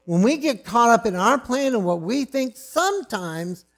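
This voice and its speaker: A man preaching a sermon, swinging from loud, emphatic lines to hushed, low asides. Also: big pitch swings, normal speed.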